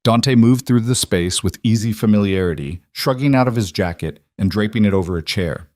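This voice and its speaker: Low-voiced male story narrator. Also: fairly quick, a little mellow, no room sound, studio quality.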